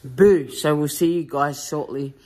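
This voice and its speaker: A woman's voice: sits low, unhurried, warm tone. A woman, vlogging by phone late at night, chatty and playful with heartfelt moments. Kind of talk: casual vlog chat. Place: hall and home at night.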